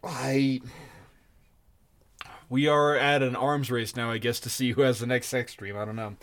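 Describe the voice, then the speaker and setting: A man co-hosting a podcast in casual chat, excitable and rambling, laughing often. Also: mid-range voice, brisk. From Colorado. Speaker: podcast co-host.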